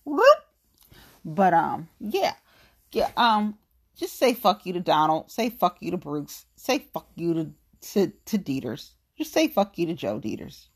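A woman's voice: lowish voice, big pitch swings, a little slow, husky. Fired-up, blunt woman in her late thirties. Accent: African American English. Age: 30s. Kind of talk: casual political rant.

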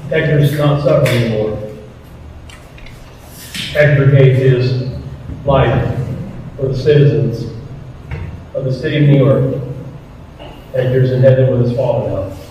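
A man's voice: medium pitch, steady tone, measured pace, pauses often, warm tone, a little hiss or hum. A middle-aged man with a Southern American accent, telling stories to a live audience as a retired firefighter, earnest and acting out the voices he quotes. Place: firehouse hall. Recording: distant, echoey, dull hall recording.

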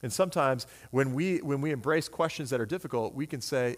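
Animated male preacher in a reverberant hall. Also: medium pitch, fairly quick, few pauses. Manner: conversational and animated, acting out voices of people. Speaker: pastor. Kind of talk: sermon. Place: church sanctuary.

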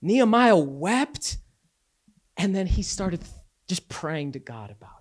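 Male pastor, sermon delivery, casual and animated, voice a touch high. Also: a little slow. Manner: conversational, animated preaching with asides.

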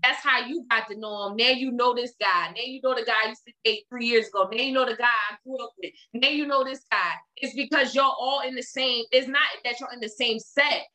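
A woman's voice: on the high side, fairly quick, few pauses, low-quality recording. A young woman, chatting candidly and telling stories with lots of "like" fillers. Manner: candid, animated storytelling, frequent "like" fillers. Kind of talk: casual chat.

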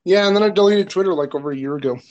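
A man's voice: sits high, racing, a little mellow, lo-fi sound. A man, a film director, chatting casually on a podcast, telling crude anecdotes and laughing often.

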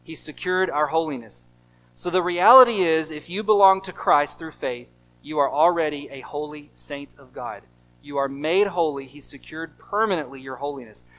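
A man's voice: fairly high pitch, moderate pace, poor audio. American male pastor preaching with emphatic repetition. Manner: emphatic, repeats key phrases, swings between loud stresses and quiet drops. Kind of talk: sermon.

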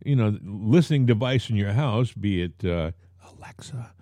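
A man's voice: fairly low pitch, expressive, normal speed, dark tone, no echo. A man hosting a talk podcast, speaking straight to his listeners and repeating the key points so they stick. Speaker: podcast host. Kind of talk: casual talk show chat.

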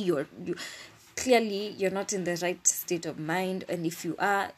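A woman's voice: fairly low pitch, steady tone, normal speed, slightly rough. A woman, hosting a podcast and telling a personal story in a casual, exasperated way, swearing freely. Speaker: podcast host.

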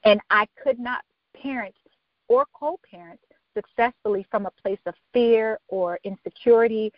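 A woman's voice: on the high side, moderate pace, no room sound, dull audio. A woman guest on a podcast, telling her story earnestly and acting out quoted voices. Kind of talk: casual interview chat.

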